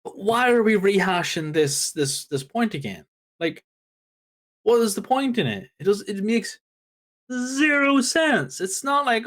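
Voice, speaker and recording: A man co-hosting a casual podcast chat, ranting in an exasperated, animated way. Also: high-pitched, normal speed. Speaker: podcast co-host.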